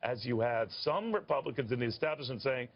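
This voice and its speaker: A male TV news host in a medium voice, chatting through a live interview. He builds things up dramatically and drops quick quips, and the audio is dull and lo-fi. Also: mid-range voice, expressive, slight background noise.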